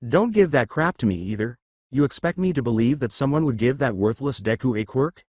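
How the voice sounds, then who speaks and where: A man reading the part of a hot-tempered teenage boy hero, demanding and furious. The pitch swings widely, and the sound is close and dry. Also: lively intonation, fairly quick, no echo, natural voice. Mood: angry. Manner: yelling, demanding.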